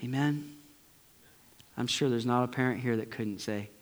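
A middle-aged male pastor preaching a conversational sermon to his congregation, swinging between loud bursts and near-whispers. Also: medium pitch, measured pace, long pauses. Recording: long hall reverb.

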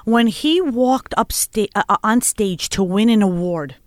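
A woman's voice: mid-range voice, unhurried, dry recording, studio quality. A woman co-hosting a talk show, gossiping about celebrities in an emphatic, gushing way. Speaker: co-host. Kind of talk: casual celebrity gossip chat.

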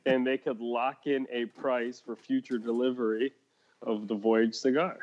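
Rambling laid-back podcast host. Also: male voice, medium pitch, level tone, moderate pace, a little mellow, dull audio. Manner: rambling, laughs often, many restarts. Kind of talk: casual chat.

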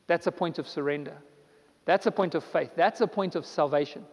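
High-voiced man preaching in a hall. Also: normal speed. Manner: preaching with rising emphatic repetition. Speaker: pastor. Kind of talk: sermon.

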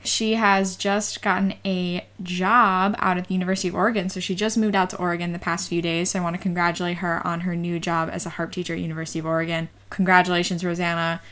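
A woman's voice: on the low side, a bit bright. A woman hosting a podcast, reading an upbeat scripted introduction. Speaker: podcast host.

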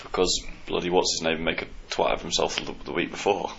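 Gravelly deep-voiced man. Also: steady tone, a little fast, a bit bright, a little hiss or hum. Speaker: podcast co-host. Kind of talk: casual football chat. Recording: slightly dull, lo-fi.

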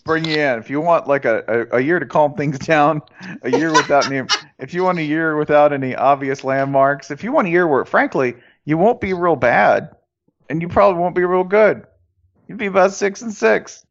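A man's voice: a little high, normal speed. A man co-hosting a casual sports podcast, riffing with dry sarcasm. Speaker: podcast co-host. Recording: dull lo-fi recording.

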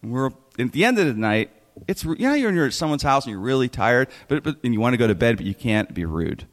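A man telling a comic story in an animated way, laughing often and tripping over his restarts. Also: medium pitch, quick pace, in a large hall.

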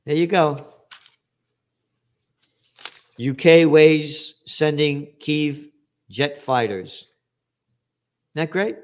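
A man delivering a political commentary rant, sarcastic and profane, rising to angry shouts. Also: on the high side, slow pace.

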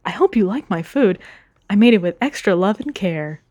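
A woman reading a hot-tempered female sheep villager aloud from a story, in quick, huffy tones. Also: mid-range voice, animated, a little mellow, no echo, clean studio sound, close to an everyday voice. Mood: gleeful.

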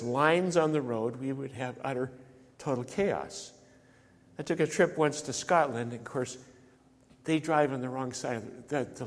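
A man delivering a sermon as a pastor, talking conversationally and putting rhetorical questions to the congregation. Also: mid-range voice. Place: church. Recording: church sanctuary with long reverb.

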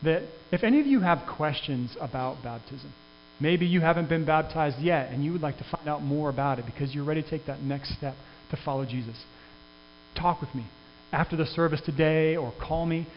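A man's voice: on the high side, fairly quick. A man preaching a sermon as pastor, in an earnest, conversational way with frequent restarts. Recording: dull sound with long reverb and faint hum.

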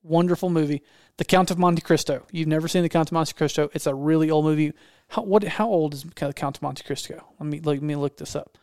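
A man's voice: fairly high pitch, steady tone, a little fast, hardly any pauses, a little mellow, no room sound, studio quality. A man hosting a casual chat, talking with enthusiasm and often restarting his sentences. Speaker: podcast host.

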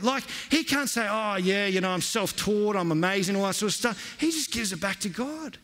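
A man preaching a sermon, telling stories in a lively, conversational way. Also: sits high, normal speed, hardly any pauses. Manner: storytelling, animated and conversational. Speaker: pastor. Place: church hall. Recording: long reverb of a church hall.

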